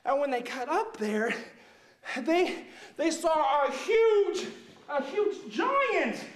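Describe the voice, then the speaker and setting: A man playing a mixed-up, excitable storyteller who retells Bible stories to kids, rambling and checking in with "right?" and "okay?". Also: very high-pitched, slow, heavily acted. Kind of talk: comic Bible story monologue.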